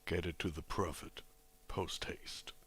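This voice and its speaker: An actor playing a sinister male boss who gives orders in a low, menacing voice. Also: steady tone, a little slow, fairly bright tone.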